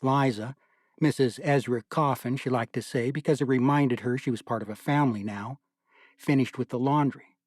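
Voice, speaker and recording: A man giving measured, scripted audiobook narration. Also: mid-range voice, no room sound, clean studio sound.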